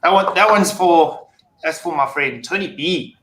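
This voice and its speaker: A man chatting as a guest on a video call panel, talking in halting starts as he explains his handmade work. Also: fairly high pitch, a bit bright. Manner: halting, restarts when explaining. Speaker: guest maker of acrylic vape mods. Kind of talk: casual panel chat. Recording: echoey room with faint noise.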